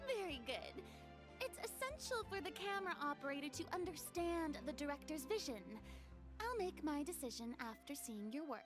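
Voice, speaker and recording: A woman's voice: high voice, big pitch swings, normal speed, over music. A woman voicing a demanding female film director in a game, formal and exacting.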